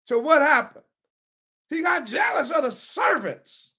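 A man preaching a sermon with impassioned shouting and rhetorical questions. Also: very high-pitched, very animated, measured pace.

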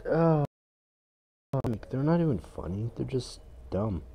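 A young man records casual gameplay commentary on his phone at home, gaming-YouTuber style, grumbling and swearing and getting frantic when the action heats up. His voice sits on the low side with a warm tone, and there's slight background noise.

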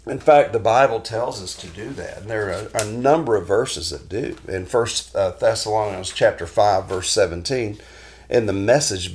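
Lower-voiced man giving a folksy devotional. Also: moderate pace. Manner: folksy storytelling with frequent restarts. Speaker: guitarist hosting a weekly devotional talk. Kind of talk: informal devotional talk.

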